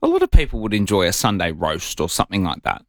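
Lively man on breakfast radio. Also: fast talker, no echo, clean studio sound. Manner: animated storyteller with big pitch swings. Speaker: radio co-host.

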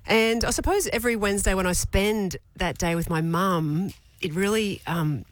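A middle-aged Australian woman co-hosting a casual chat show, telling stories in an animated way. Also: mid-range voice, moderate pace, no room sound. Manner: animated storyteller, acts out quotes with laughs. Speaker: co-host.

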